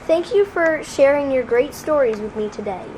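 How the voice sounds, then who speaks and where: A woman interviewing someone for a school project asks short questions in a voice a bit higher than most. A faint noise runs behind her. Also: lively intonation, moderate pace, a little mellow. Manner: brief questions and replies.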